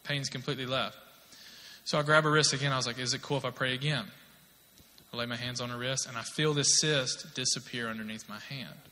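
This man in his thirties talks fast in a mid-range, fairly even voice that sounds pushed and bright, over slight background noise and long hall reverb. His sermon starts as a conversational personal testimony and rises into emphatic exhortation.

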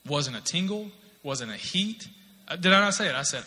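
A man's voice: fairly high pitch, expressive, normal speed, sharp tone. A man in his thirties preaching a sermon, telling a personal testimony in a conversational way that builds to emphatic exhortation. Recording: long hall reverb.

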